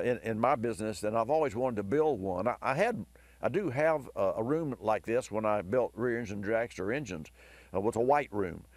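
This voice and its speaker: A hoarse man hosting a car advice radio show, telling a long rambling story with enthusiasm. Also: medium pitch, dry recording. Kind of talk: talk radio monologue.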